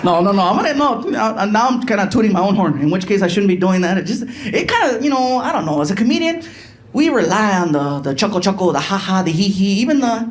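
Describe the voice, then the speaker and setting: A middle-aged male stand-up comedian telling stories on a live stage into a handheld mic, animated, doing voices and crowd work. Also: sits high, fast talker, a little hiss or hum. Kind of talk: stand-up storytelling.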